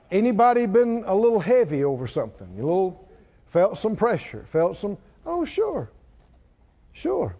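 A man preaching a sermon, calling on the congregation to answer back and building up to shouts. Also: high voice. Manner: call-and-response, coaxing the congregation, rising to shouts. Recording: dull sound with long hall reverb.

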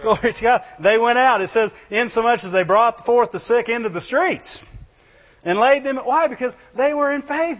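A man preaching a sermon, animated and full of rhetorical questions, breaking into "Glory to God" again and again. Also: extremely high pitch. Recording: dull lo-fi sound in a reverberant hall.

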